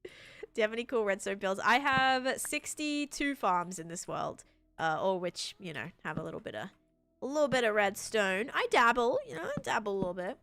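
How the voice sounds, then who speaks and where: A woman's voice: mid-range voice, very animated, normal speed, vocal fry, a bit bright, faint music behind. A young woman with an Australian accent chatting casually on a live stream, reading and answering chat while building in a game.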